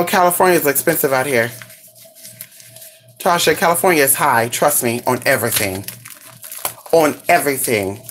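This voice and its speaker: A woman's voice: low voice, slight background noise. A woman chatting casually with her viewers, sassy and exclamatory, and she swears freely. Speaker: vlogger. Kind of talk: casual live chat to viewers.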